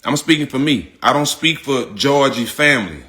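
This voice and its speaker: A man speaking straight to his audience in loose, slangy talk, hammering the same points again and again. His voice is bright and forceful, sitting at an ordinary pitch for a man. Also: lively intonation, moderate pace. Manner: emphatic, repetitive, slangy. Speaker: public figure speaking out. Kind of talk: casual direct-to-audience talk.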